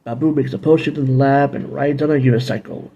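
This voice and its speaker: A man's voice: medium pitch, fast talker, creaky, dark tone, highs cut off, slight background noise. A man casually recapping and reviewing TV episodes, rambling with playful asides and bits of humming.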